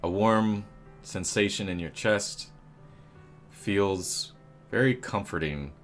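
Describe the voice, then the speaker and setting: A man's voice: on the low side, takes it slowly, soft background music. A man narrating as game master in a tabletop game, rambling with many fillers and jokey asides.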